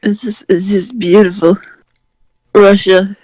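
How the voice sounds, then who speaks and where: A man's voice: high voice, little pitch movement, takes it slowly, a little mellow, no room sound. A man chatting casually with fellow tabletop game players in a goofy, self-mocking way. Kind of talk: casual chat.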